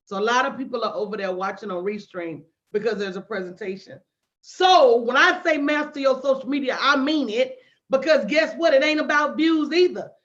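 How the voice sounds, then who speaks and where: Brash, high-pitched woman coach hosting a live stream; muffled lo-fi sound. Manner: brash, animated, talks straight to viewers. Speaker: business coach and livestream host. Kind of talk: livestream promo chat.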